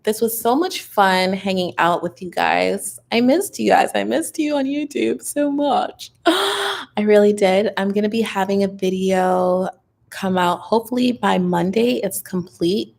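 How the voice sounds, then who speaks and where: A woman's voice: medium pitch, measured pace, creaky. Chatty tired young woman on a livestream. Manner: chatty and upbeat, advice-giving, with frequent fillers. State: tired and a little loopy. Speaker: online business content creator hosting a live Q&A. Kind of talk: casual livestream chat.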